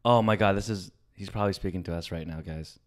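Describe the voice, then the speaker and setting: A man co-hosting a comedy podcast in casual chat, animated and mocking, often laughing. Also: low-pitched, quick pace. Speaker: podcast co-host.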